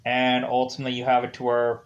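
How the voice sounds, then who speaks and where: A man's voice: medium pitch, completely flat delivery, fast, dull audio. Rambling man giving a casual film review. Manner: rambling, leans heavily on "ultimately" and "like" as fillers; loosely acts out characters' lines in quotes.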